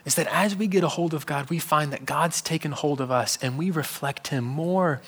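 Male preacher, conversational sermon delivery with humor, slightly higher-pitched. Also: moderate pace, husky. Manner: conversational, jokes with the congregation.

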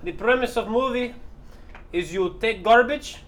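A man voicing a foreign movie pitchman who speaks broken English, dropping articles and rolling his R's. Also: measured pace, over a noisy crowd. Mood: earnest.

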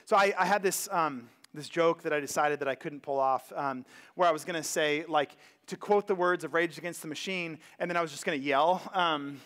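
A man preaching a casual sermon as pastor, talking in a conversational and animated way with many asides. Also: on the high side, a little fast. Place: church sanctuary.

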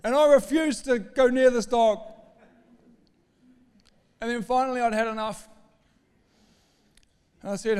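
Animated New pastor in a reverberant hall. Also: male voice, extremely high pitch, unhurried, long pauses, smooth. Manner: animated, self-mocking, builds emphatic lists. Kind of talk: sermon storytelling.

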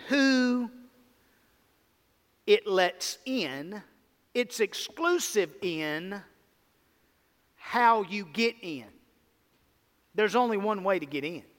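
Male preacher, high voice, emphatic repeating cadence, sanctuary reverb. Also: a bit bright. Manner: emphatic, repetitive preaching cadence with rhetorical questions. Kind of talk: sermon.

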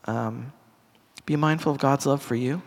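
In a church hall full of long reverb, a middle-aged pastor preaches an earnest but casual sermon to his congregation. His mid-range voice is unhurried, and he talks conversationally, restarting sentences and dropping in asides.

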